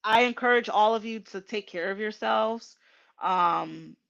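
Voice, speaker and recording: Slow, halting woman host, tearful. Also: medium pitch, vocal fry, a bit bright, muffled recording. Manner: slow and halting, many ums and restarts; tearful and emotional. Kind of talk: casual heartfelt livestream talk.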